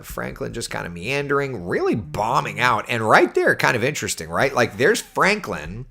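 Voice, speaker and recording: A man's voice: mid-range voice, moderate pace, gravelly, hardly any pauses. A man, a TV meteorologist, chatting casually on a livestream and answering viewer questions. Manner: chatty, animated, reads viewer comments aloud.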